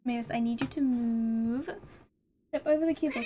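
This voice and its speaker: A chatty woman with a high voice, streaming a game live from her desk at home. She laughs often and coos at her cat between play, over a faint background hiss. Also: normal speed, dark tone. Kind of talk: live gameplay commentary.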